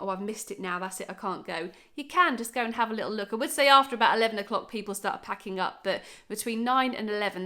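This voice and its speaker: Chatting away to camera, a woman in her thirties with a Norfolk accent keeps things bubbly and casual, with plenty of "right" and "um". She speaks in a mid-range voice with a fairly bright tone.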